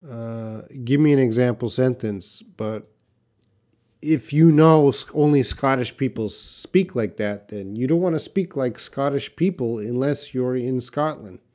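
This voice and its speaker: Canadian man, English teacher, live-stream Q&A, blunt, reads out comments, mid-pitched voice. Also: unhurried, mellow. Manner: direct, reads viewer comments aloud and answers them.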